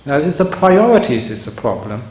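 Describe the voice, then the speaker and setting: A man's voice: mid-range voice, sing-song, normal speed, darkish tone. A man, a monk, giving a sermon in a chuckling, digressive storytelling manner, recorded in a meditation hall. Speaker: monk giving a Dharma talk. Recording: roomy hall with faint hum.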